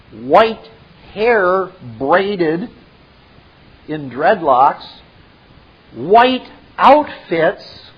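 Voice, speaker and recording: A man slowly retelling a film scene and adding his own commentary. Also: high voice, breathy edge. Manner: slow, deliberate. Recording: dull lo-fi recording.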